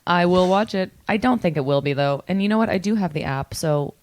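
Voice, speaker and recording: A woman co-hosting a relaxed podcast, her voice sitting low and husky with morning grogginess. She rambles through fillers and giggles, recorded close and dry with no room sound. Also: fairly quick, no echo. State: morning voice, lower than usual. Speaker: podcast co-host. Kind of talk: casual chat.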